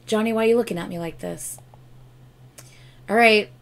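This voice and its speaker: A woman's voice: mid-range voice, normal speed, gravelly. A tired woman hosting a reaction video, talking casually, swearing freely and singing along.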